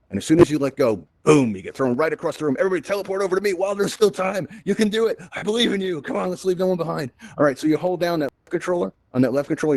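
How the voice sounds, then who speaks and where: A man's voice: mid-range voice, darkish tone, no room sound. A man hosting a virtual reality event, walking a crowd through controls in an upbeat, encouraging way with playful asides. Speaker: VR event host and instructor. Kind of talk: live instructional walkthrough.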